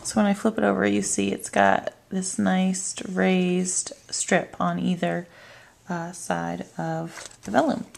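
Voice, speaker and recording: Gravelly, slow-talking woman crafter. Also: on the low side, slight background noise. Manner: calm, narrating her hands-on work. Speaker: card-making demonstrator. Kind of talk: step-by-step craft tutorial.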